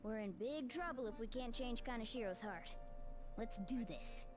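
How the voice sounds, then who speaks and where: A woman plays a little male cat-like game sidekick with a high, springy, cartoonish voice. He sounds eager and ready to act. Gentle background music runs under the game audio. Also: moderate pace, lightly acted. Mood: determined.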